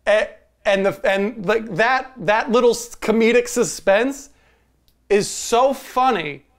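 A man co-hosting a casual movie review podcast, wry and quick to laugh while making his points. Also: sits high. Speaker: podcast co-host.

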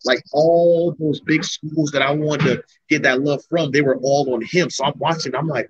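A man's voice: fairly high pitch, a little fast, few pauses. A young man from Florida, an MMA fighter telling his story in a rambling, casual interview. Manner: rambling, restarts sentences often. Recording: dull lo-fi recording.

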